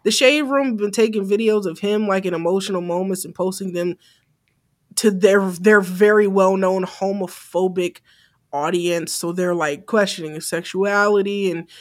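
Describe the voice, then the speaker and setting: A young woman co-hosting a podcast, talking in a blunt, animated, profane way, often laughing. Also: medium pitch, moderate pace. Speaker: podcast co-host. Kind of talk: casual chat.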